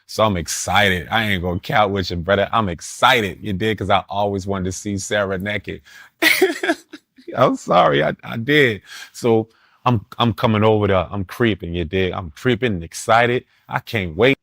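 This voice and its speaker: Low-voiced man telling a story in street slang. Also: normal speed, no echo, studio quality. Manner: street slang, keeps asking "you dig"; laughing, animated anecdotes. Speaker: guest. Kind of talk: casual storytelling.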